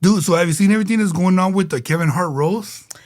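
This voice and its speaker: Laid-back male podcast co-host, fairly high voice, casual and slangy. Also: quick pace, darkish tone. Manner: laid-back, slangy, often acts out quotes. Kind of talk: casual chat.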